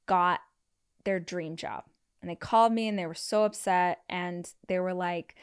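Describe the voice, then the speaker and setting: Animated woman telling a personal story. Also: unhurried, smooth. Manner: animated, acts out quotes with big pitch jumps; frequent "like" fillers. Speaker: podcast host. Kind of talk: casual storytelling.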